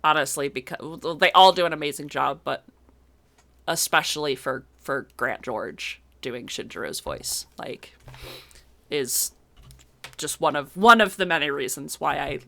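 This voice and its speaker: A woman's voice: low voice, moderate pace, gravelly, long pauses, fairly bright tone. A young woman streamer talking casually and effusively over a video game, with many fillers and restarts.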